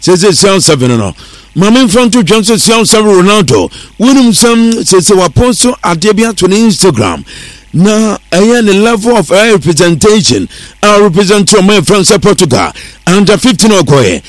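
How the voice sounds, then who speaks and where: A man reading sports news on the radio in a steady newsreader delivery, mixing English words into his talk. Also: sits high, no echo. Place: radio studio.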